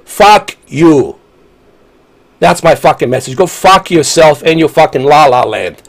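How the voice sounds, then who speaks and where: A man's voice: a little high, lively intonation, moderate pace, creaky. A man, ranting angrily and profanely while live-streaming a game. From Bosnia. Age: 40s. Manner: angry, profane, combative.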